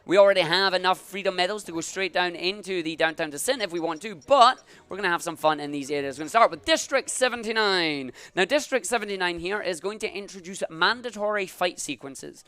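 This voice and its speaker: Bright-voiced man commentating a speedrun. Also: high voice, fairly quick, hardly any pauses, clean tone. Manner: upbeat, talks through each move as he plays.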